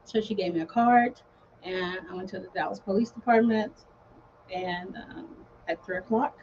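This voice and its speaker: A woman guest on a podcast telling her story in a casual, animated way, laughing often and acting out other people's voices. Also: mid-range voice, moderate pace, slight background noise. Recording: dull lo-fi podcast audio.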